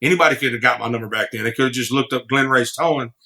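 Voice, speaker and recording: A man's voice: medium pitch, very fast, creaky, pushed and bright. A man guesting on a podcast, a singer-songwriter telling rambling stories with many restarts. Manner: rambling, frequent restarts, laughs easily. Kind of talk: casual storytelling.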